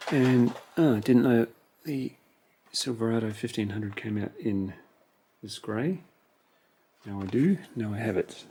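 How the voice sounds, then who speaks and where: A toy car collector chats to himself in a relaxed way while unboxing toy cars, musing over each one. His mid-range voice has a darkish tone, with slight background noise.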